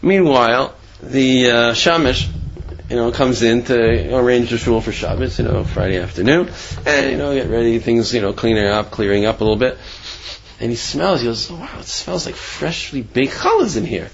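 A man's voice: medium pitch, normal speed, slight background noise. Rambling male storyteller on a dull recording. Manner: rambling, full of "you know" and restarts. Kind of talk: casual religious storytelling.

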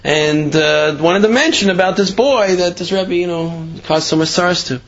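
A man's voice: high-pitched, moderate pace, a bit bright. A man telling a moral story in a casual, rambling way, full of fillers and asides. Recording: slightly dull lo-fi sound.

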